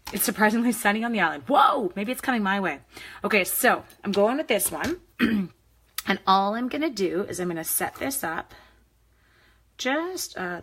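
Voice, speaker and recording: Bright-voiced chatty woman crafting. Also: mid-range voice, a little hiss or hum. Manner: chatty, talks to live viewers by name. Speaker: crafting demonstrator. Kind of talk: live card-making demo.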